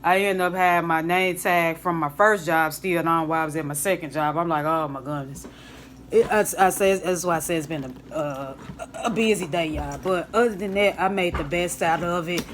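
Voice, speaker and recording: A woman's voice: lowish voice, brisk, slight background noise. A young woman chatting casually to camera at home about her work as a hotel banquet server, rambling, with lots of restarts. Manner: relaxed, rambling, with restarts and Southern US slang. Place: at home, indoors.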